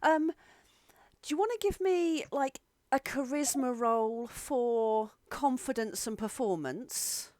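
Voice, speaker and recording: Slow-talking woman game master. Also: high voice, animated, darkish tone, no room sound, studio quality. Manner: descriptive, chatty, swears casually. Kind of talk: narrating a tabletop game. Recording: online call audio.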